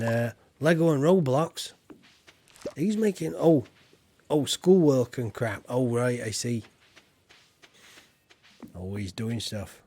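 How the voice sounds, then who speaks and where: A man's voice: mid-range voice, dark tone. A man streaming a farming game, chatting in a rambling, jokey, homely way as a folksy farmer persona. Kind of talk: casual let's-play chat.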